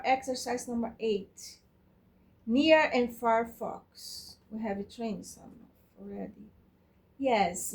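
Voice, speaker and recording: A woman teaching eye exercises in a casual way, halting and searching for words, speaking English as a non-native with Portuguese as her first language. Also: fairly high pitch, darkish tone. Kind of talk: casual instructional talk.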